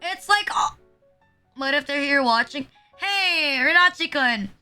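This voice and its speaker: A woman's voice: sits high, expressive, unhurried, sharp tone, soft background music. A woman in her twenties streaming casually, nervous, rambling, swearing and putting herself down. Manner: rambling, profane and self-deprecating. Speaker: VTuber streamer. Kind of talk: casual live-stream chat.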